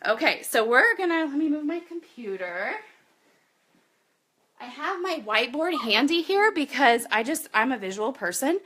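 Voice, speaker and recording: A woman's voice: high-pitched, sing-song, moderate pace, crowd noise. A woman in her thirties running a live online training from her home office as a business coach, chatty and upbeat, talking straight to her viewers. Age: 30s.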